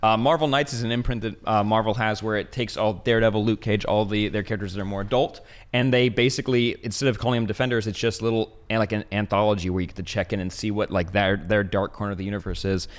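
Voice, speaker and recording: A man's voice: lowish voice, steady tone, fast, few pauses. A man co-hosting a casual pop-culture chat show, talking enthusiastically with lots of fillers and restarts. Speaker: show co-host.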